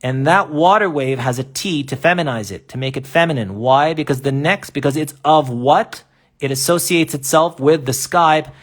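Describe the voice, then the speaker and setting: A man's voice: on the high side, normal speed. Man teaching a live online lesson. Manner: explains step by step with many rhetorical questions and fillers. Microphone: laptop or phone mic in a live stream.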